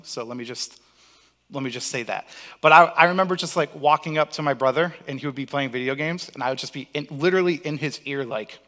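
Bright-voiced young man preaching in a hall. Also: medium pitch. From Cape Cod, Massachusetts. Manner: animated storytelling, acting out quoted lines. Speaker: pastor. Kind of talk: sermon. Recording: long hall reverb.

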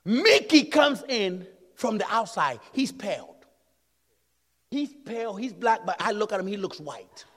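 A man preaching as an evangelist, telling a story dramatically, swinging from hushed tones to shouts. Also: sits high, very animated, a little slow. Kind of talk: sermon storytelling. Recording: long hall reverb.

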